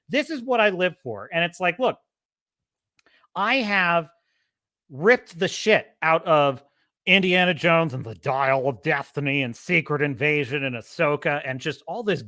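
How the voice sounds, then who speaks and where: A man's voice: on the high side, pushed and bright, no echo, studio quality. A man hosting a podcast with casual movie commentary, ranting passionately and swearing freely. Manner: impassioned, profane ranting. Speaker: podcast host.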